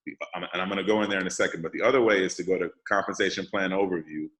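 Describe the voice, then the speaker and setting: A man's voice: sits low, steady tone, racing, fairly bright tone. A man leading an online sales training call, explaining casually and step by step while checking that the group follows. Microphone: video call. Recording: roomy echo.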